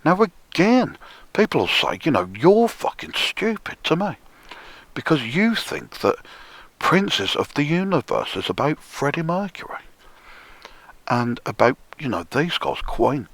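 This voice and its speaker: A man delivering a profane, sneering monologue, often dropping into hushed whispers for emphasis. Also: mid-range voice, no room sound. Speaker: conspiracy commentator. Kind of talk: ranting monologue.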